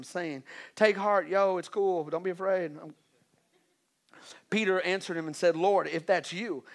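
A pastor with a slightly high voice preaches a sermon conversationally, adding joking asides and swinging between quiet and loud.

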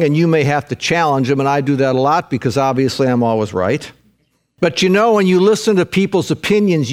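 A man preaching a sermon in an earnest, conversational way, often putting direct questions to his listeners. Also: a little high.

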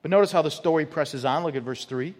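A man's voice: on the high side, fast talker, a little mellow. Emphatic male pastor in a reverberant hall. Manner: emphatic, often repeats words. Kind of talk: sermon. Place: church sanctuary.

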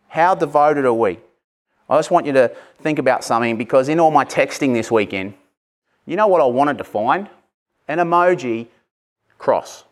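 A male pastor delivers an Easter sermon with real passion, leaning hard on key words and then dropping into chatty, offhand asides. His pitch sits in an ordinary middle range, and he keeps the tone personal, as if talking with the congregation. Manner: passionate, animated, conversational with asides.

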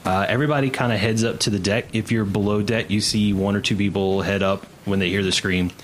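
A male game master narrates the scene in a relaxed, descriptive way, with the odd filler. His voice is lowish, and there is faint noise in the background. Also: fast talker.

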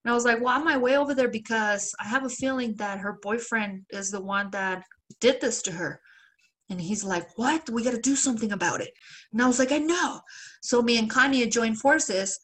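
A woman's voice: a little high, brisk, a bit bright. A woman co-hosting a podcast, telling a long story in casual chat, acting out the quoted voices and laughing often. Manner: loose swearing and filler. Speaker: podcast co-host.

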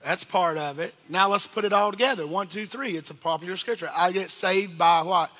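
A man preaching a sermon from the pulpit, calling out questions to the congregation and rising to shouts. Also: high-pitched, a little fast, long reverb tail. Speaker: pastor. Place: church sanctuary.

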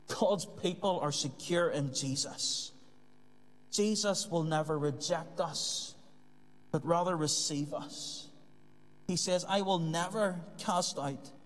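A man's voice: fairly high pitch, slow. A man preaching a sermon in an earnest way, repeating key phrases for emphasis. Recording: long hall reverb.

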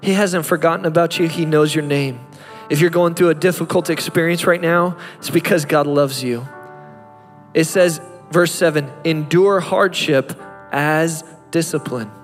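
High-voiced man preaching in a reverberant hall. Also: fairly even intonation, normal speed. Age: 30s. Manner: impassioned, rising to fervent peaks. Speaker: pastor. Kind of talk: sermon. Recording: reverberant hall with music behind.

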